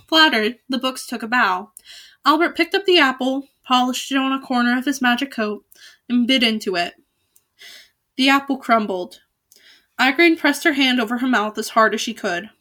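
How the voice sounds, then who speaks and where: A young woman reads a children's novel aloud in a bright, clear, slightly high voice. She slips easily into casual, joking asides between passages. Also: moderate pace. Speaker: storybook reader.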